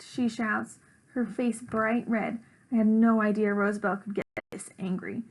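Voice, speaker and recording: Expressive woman teacher reading aloud. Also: fairly high pitch, a little slow. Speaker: elementary school teacher. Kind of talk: reading a chapter book aloud to students.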